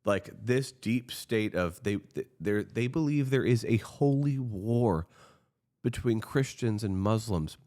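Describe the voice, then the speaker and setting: A man's voice: lowish voice, expressive, slow, mellow. A man giving impassioned political commentary, earnest and frustrated, pleading directly with his viewers.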